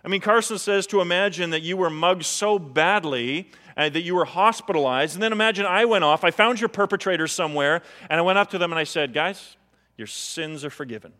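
A high-voiced man preaching a sermon, animated, slipping into the voices of the people he quotes. His words ring out in a church sanctuary with a long reverb trailing behind. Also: brisk, hardly any pauses. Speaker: pastor.

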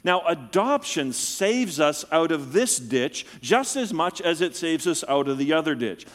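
A middle-aged man preaching a sermon, teaching in an animated way and checking that listeners follow him. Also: on the high side, unhurried, in a large hall. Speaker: pastor.

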